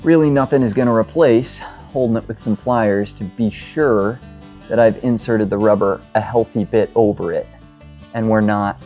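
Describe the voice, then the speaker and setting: A chatty man works on a car in his workshop and tells stories as he goes, wandering off topic and laughing at himself. His pitch sits in the middle. Soft guitar music plays faintly underneath. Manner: rambling, chatty, self-deprecating storyteller. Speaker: mechanic and show host. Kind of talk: casual talk while working on a car.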